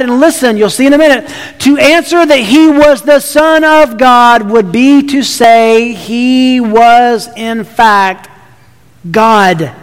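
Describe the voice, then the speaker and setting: A man with a very high voice preaches a sermon in a big reverberant hall. He talks emphatically, stumbling and restarting phrases as he presses each point home. Long reverb trails behind his words. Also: takes it slowly, clean tone. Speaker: pastor.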